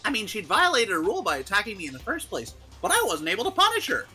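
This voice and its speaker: Squeaky sing-song evil bear mascot, giggly and mocking, bright sharp tone, pitch swooping all over. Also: male voice, wildly swooping pitch, quick pace, faint music behind, full character voice. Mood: taunting. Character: gleeful sadistic male bear mascot villain. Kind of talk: reading game dialogue aloud.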